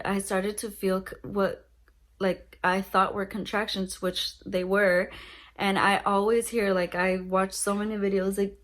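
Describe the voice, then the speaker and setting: A young woman talks straight to her viewers in an easy, chatty way, sprinkling her story with fillers. Her voice sits at an ordinary middle pitch, and she animates the retelling as she goes. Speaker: vlogger telling her birth story. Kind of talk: casual storytelling to camera.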